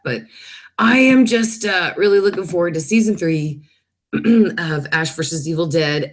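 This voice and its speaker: Casting note: a woman in her thirties, slightly low voice, chatty live stream host who reads viewer comments aloud, apologizes a lot and laughs easily. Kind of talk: casual live stream chat.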